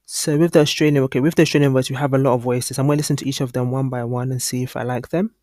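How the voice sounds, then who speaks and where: A man walking through a screen-recorded software tutorial as an online course instructor, thinking aloud casually with frequent ums and restarts. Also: mid-range voice, fairly even intonation, racing, no room sound, studio quality.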